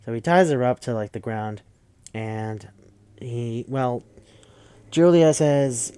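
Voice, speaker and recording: Male podcast host, mid pitch, rambling profane recap with many fillers; dry, close mic. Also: moderate pace, dark tone, clear, resonant tone, no room sound. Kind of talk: casual movie recap.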